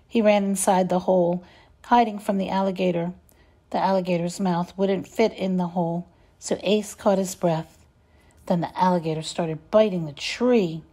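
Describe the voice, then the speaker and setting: A woman reading a children's story aloud, expressive and measured. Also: on the low side. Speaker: reader.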